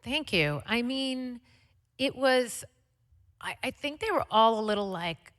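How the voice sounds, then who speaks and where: A woman guest telling stories in a chatty, excitable way with lots of fillers, speaking onstage at a live conversation event. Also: on the high side, a little slow. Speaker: interview guest, singer. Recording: long hall reverb.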